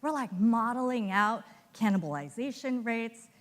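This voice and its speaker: Animated woman telling a story on stage. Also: a little high, normal speed, in a large hall. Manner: animated, acts out the voices of colleagues she quotes. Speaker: conference speaker. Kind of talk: storytelling keynote talk. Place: hotel conference ballroom.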